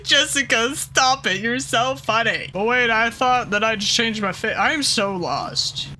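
Brief: sharp-toned let's-play commentator, loud, swearing, quick to yell and laugh. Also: medium pitch, expressive, a little hiss or hum. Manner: loud, profane, laughing reactions. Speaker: gaming video creator.

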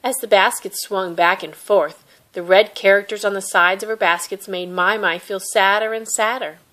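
A woman reading a children's picture book aloud with gentle, expressive narration. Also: medium pitch, normal speed. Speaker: storybook reader.

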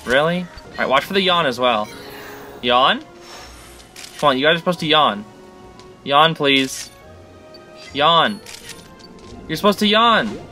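A man giving let's-play commentary on a game he is playing, excitable and chatty, coaxing the creatures on screen. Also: mid-range voice. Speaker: gaming channel host.

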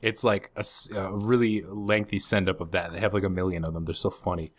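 Low-voiced man joking through gameplay. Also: level tone, brisk. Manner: joking, laughs often. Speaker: co-host. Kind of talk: casual gameplay commentary.

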